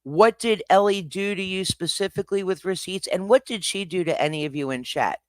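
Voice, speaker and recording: A man's voice: sits high, a little fast, dry recording, studio quality. A man hosting a livestream, confronting people in a heated, profane rant. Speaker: livestream host.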